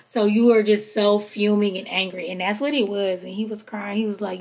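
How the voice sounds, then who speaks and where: A woman's voice: mid-range voice, moderate pace, hardly any pauses. A woman hosting a podcast, telling a reality-show episode in casual chat and quoting the cast as she goes. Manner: chatty, animated retelling with quoted voices. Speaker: podcast host.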